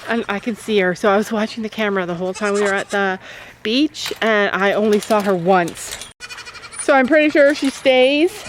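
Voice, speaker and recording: The audio is poor as a woman with a mid-range voice vlogs from her farm, talking casually to camera and coaxing her goats while tending them. Goats bleat and farm noise carries in the background.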